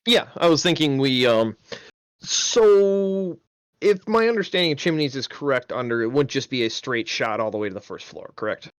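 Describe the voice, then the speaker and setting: A man's voice: medium pitch, expressive, normal speed, smooth, no echo, clean studio sound. Man thinking aloud as a game player. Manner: thinks aloud, full of ums and questions. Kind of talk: tabletop game play on a live stream.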